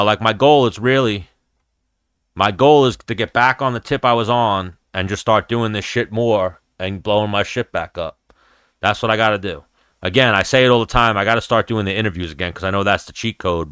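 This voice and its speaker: In his thirties, this man runs a casual fight-talk stream about MMA, rambling loosely and swearing often. His slightly low voice has a bright, forceful edge and a crisp, clear sound, moving a little fast in a dry, close recording.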